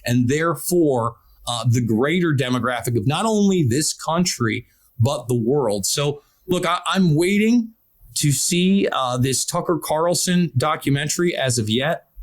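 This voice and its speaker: American male podcast host, slightly high voice, forceful and urgent delivery. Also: lively intonation, measured pace. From United States. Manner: emphatic, urgent, repeats words for stress. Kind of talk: political podcast talk.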